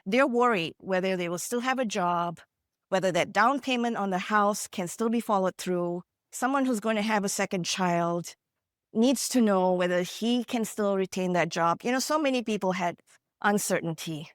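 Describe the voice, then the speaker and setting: A woman from India delivers a motivational keynote, speaking earnestly and conversationally as she tells stories and checks in with the audience. Her voice sits at an ordinary middle pitch. The sound is dry and close, with no room echo. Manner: earnest, conversational, frequent "you know" and "right?".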